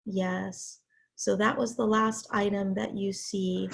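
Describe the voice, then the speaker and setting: A middle-aged woman, hoarse and raspy from illness, giving a college writing lecture over a video call. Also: medium pitch, fairly even intonation, slow pace, a little hiss or hum. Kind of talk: online class lecture. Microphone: computer mic on a video call.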